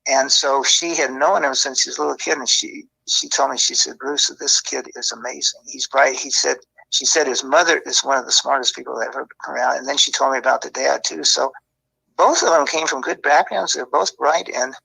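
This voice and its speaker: A man's voice: medium pitch, steady tone, brisk, creaky, bright, forceful tone, slightly rough, poor audio. A man being interviewed, recalling his scouting days in a rambling, self-correcting way. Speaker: former football scout and guest. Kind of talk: interview reminiscing.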